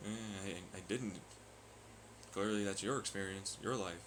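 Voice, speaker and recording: A man's voice: lowish voice, normal speed, a little hiss or hum, rough recording. A man vlogging in a profane, sarcastic and taunting rant. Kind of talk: ranting monologue.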